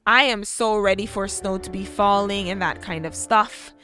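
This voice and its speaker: A young woman narrating a life-simulation game story in a chatty, animated way. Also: medium pitch, normal speed, soft background music. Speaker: gameplay storyteller. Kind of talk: casual narrated gameplay storytelling.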